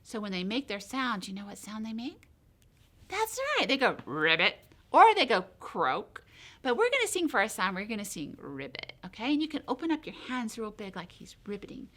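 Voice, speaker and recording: A woman leading a children's library storytime, gentle and encouraging as she talks to small children and sings simple songs. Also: on the high side, very animated, brisk.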